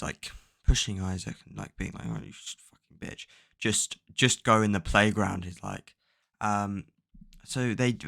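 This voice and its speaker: A man's voice: on the low side, creaky, no room sound, clean studio sound. A man casually recapping a book's plot at home, rambling with lots of fillers and frequent swearing. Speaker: book plot summarizer. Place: at home, bedroom with a cat.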